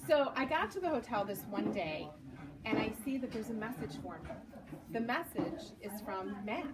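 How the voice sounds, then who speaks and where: A woman's voice: fairly high pitch, lively intonation, normal speed. A woman in her forties, an author giving a storytelling talk in a bookstore, acting out the lines she quotes and laughing at herself. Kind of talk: storytelling talk to a live audience. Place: bookstore event space. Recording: distant mic with noticeable background noise.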